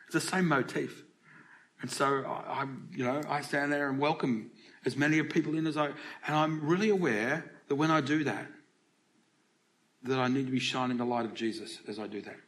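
A man's voice: mid-range voice, moderate pace, fairly bright tone. A middle-aged Australian man preaching a sermon to a congregation in church, talking in a chatty way and asking them questions as he goes. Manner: conversational, asks the congregation questions.

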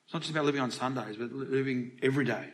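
A man's voice: mid-range voice, racing. A middle-aged Australian man preaching a sermon to a congregation in church, talking in a chatty way and asking them questions as he goes. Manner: conversational, asks the congregation questions.

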